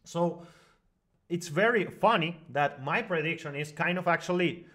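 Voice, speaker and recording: A man telling a long personal story as a guest on an online broadcast, talking in animated bursts full of fillers and restarts. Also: on the high side, unhurried. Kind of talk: long rambling personal story in casual discussion.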